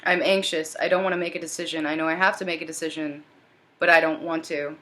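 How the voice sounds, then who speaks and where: A desperate, anxious man keeps pleading for help, as a woman channels him in a tarot reading. The voice stays low and sinks toward a near whisper, repetitive and worn down. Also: steady tone, fast talker, bright, forceful tone. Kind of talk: channeled first-person voicing in a reading.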